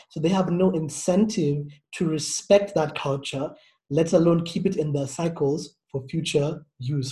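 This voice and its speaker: A man's voice: fairly high pitch, warm tone. A man from Africa talking earnestly in a casual discussion, reflective and full of fillers.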